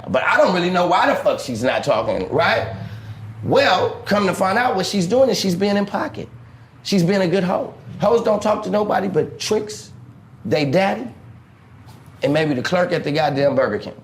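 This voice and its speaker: A man telling a crude personal story in an animated way, acting out the dialogue. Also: high voice, moderate pace, a little hiss or hum. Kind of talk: storytelling monologue. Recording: echoey room.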